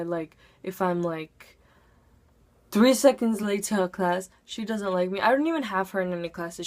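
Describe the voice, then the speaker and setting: Chatty teen girl telling a story. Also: medium pitch. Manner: chatty, heavy use of "like". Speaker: vlogger. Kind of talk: casual storytime.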